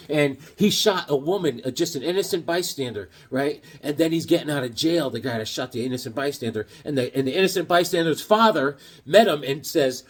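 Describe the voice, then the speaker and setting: A man chatting casually about his comic book haul, animated and jokey, slipping into silly voices. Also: on the high side, brisk, few pauses, breathy edge. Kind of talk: casual chat.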